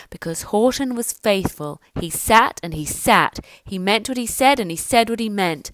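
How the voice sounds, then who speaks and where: Woman storyteller, sing-song rhyming read-aloud, animated pitch, dry close sound. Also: normal speed, hardly any pauses, no echo, low-quality recording. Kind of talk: reading a children's picture book aloud.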